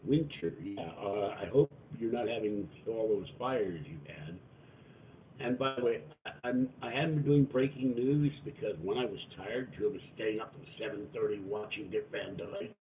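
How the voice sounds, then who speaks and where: A man hosting a casual livestream, rambling through viewer comments in a halting, chatty way with lots of fillers and restarts. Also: medium pitch. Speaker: livestream host reading viewer donations and comments. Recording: tinny phone-like audio with faint noise.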